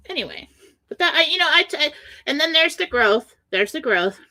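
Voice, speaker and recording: A woman's voice: high voice, very animated, brisk, sharp tone, poor audio. A woman hosting a spiritual radio talk show, telling a personal story with emotion and acting out the voices of the people in it.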